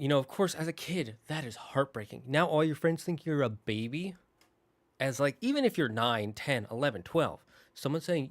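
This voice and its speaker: A man hosting his channel, casually retelling a movie's story in an animated way, often restarting his sentences. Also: mid-range voice. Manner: animated, restarts often, slips into quick character voices. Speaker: channel host.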